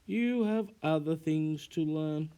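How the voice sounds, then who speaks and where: A man reading a storybook aloud, voicing a calm, wise old witch woman giving a lesson. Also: a little high, slow, clear, resonant tone, voice pushed up. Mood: instructive.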